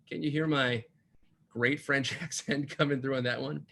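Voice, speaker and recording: Male quiz host, slightly high voice, bright tone, repeats questions, playful asides. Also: very animated, unhurried, vocal fry. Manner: upbeat, repeats each question, jokey asides. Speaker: trivia host. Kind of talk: online quiz hosting.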